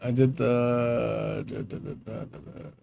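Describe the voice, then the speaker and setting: A man's voice: medium pitch, fairly even intonation, slow pace, creaky, warm tone, slight background noise. Casual live stream guy, mid voice, rambles, laughs a lot, swears.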